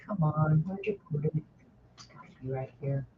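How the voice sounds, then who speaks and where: A middle-aged woman hosts an art livestream, her low voice moving at a normal speed with a little hiss or hum in the background. She chats casually and talks to herself as she draws. The stream audio sounds dull and lo-fi.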